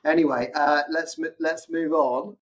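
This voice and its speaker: A man's voice: a little high, steady tone, unhurried, slightly rough, low-quality recording. A man co-hosting a medical podcast, talking in a wry, meandering way and correcting himself as he goes. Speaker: podcast co-host.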